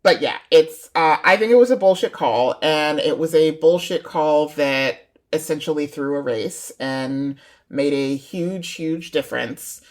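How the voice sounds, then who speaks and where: A woman with a notably low-pitched voice talks as a podcast guest. She lays out her opinions casually, speculating freely and chuckling along the way. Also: measured pace, a little mellow. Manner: opinionated, speculative, laughs while telling. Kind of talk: casual chat.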